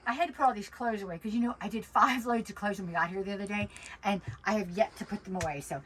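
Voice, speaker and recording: A woman's voice: mid-range voice, fast talker, a bit bright, husky, rough recording. A middle-aged woman chatting casually on an RV travel vlog, teasing her husband. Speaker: RV travel vlogger, co-host. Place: inside an RV at a campground.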